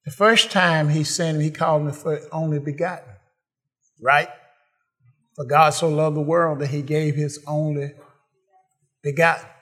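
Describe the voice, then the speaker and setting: A man preaching a sermon, repeating phrases and building to shouted praise. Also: on the high side, steady tone, normal speed, pauses often.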